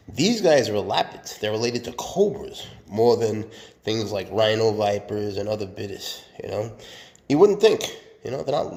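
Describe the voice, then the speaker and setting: A man with a low, gravelly voice gives a casual show-and-tell about his snakes. He chats and jokes easily and turns soft and tender when he talks to the animals. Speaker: snake keeper.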